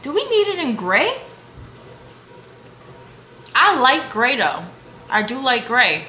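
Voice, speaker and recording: A young woman vlogging at home, chatting casually and slangily while shopping online, gasping and whispering when excited. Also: high-pitched, takes it slowly. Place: room at home. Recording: echoey room with faint hum.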